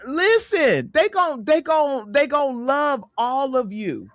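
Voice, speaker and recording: Taking it slowly in a high voice with no echo, a woman in her late thirties hosts a casual podcast chat. She's animated and laughs plenty, using filler phrases again and again.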